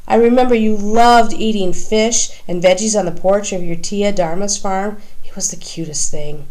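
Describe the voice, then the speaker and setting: A woman reading an audiobook, voicing a tender, weary mother who speaks softly and affectionately. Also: medium pitch, steady tone, moderate pace, natural voice, low-quality recording. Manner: affectionate and soft. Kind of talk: audiobook character voice.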